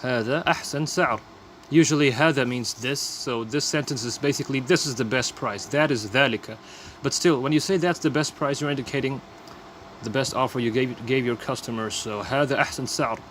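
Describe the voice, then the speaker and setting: A man's voice: mid-range voice, fast talker, fairly bright tone, slight background noise. A man teaching vocabulary in a casual lesson, repeating each phrase and explaining the words plainly. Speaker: language teacher.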